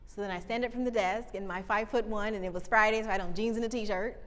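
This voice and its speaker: A woman communication coach telling lively stories from a stage, talking to the audience and asking them questions. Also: mid-range voice, fast talker. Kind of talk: live keynote storytelling. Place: stage before a live audience. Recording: reverberant hall, live talk.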